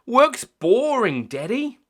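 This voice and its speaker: A high, squeaky little piglet girl from a storybook, bursting with glee and squealing at every turn, as a man puts her on. Her voice swoops wildly up and down, drawn out slowly and brightly. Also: very animated, exaggerated voice. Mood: gleeful. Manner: squealing, gleeful.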